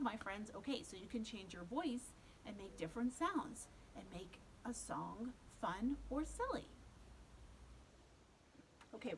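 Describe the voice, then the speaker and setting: A woman children's librarian leading a virtual storytime, talking slowly and simply to little ones. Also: mid-range voice, fairly bright tone, a little hiss or hum, poor audio. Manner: speaks slowly and simply to young children, coaxing.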